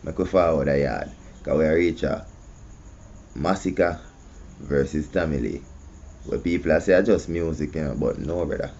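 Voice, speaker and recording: A man's voice: rumbling low, moderate pace, pauses often, a little mellow, a little hiss or hum. A man with a Jamaican accent hosting casual commentary, often asking "you see me". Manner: conversational, repeats "you see me". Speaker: host. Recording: muffled lo-fi audio.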